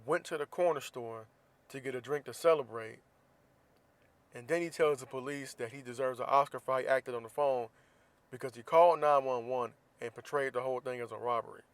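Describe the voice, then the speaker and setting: A man's voice: medium pitch, fairly quick, clean tone, no echo. A man from Florida hosts a podcast, talking alone in a casual monologue. His delivery is blunt and heated, with plenty of profanity. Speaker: podcast host.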